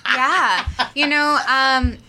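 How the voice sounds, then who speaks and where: Chatty, upbeat woman with a bright voice. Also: high voice, extremely slow, a little hiss or hum. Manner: upbeat and chatty, laughs often. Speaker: aerial yoga studio owner, podcast guest. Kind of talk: casual podcast interview.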